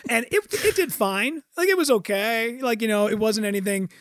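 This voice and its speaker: A middle-aged man and stand-up comedian telling stories in a casual chat, animated and swearing freely, with many restarts. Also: high-pitched, moderate pace, no echo. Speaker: stand-up comedian, podcast guest.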